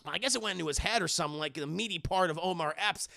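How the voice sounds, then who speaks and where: A young man talks his live chat through a film, scene by scene, crude and animated and never short of a curse. His voice sits high, with a gravelly edge and a bright, forceful bite. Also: racing. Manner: animated, crude, swears, acts out lines in put-on voices. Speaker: streamer reviewing a film.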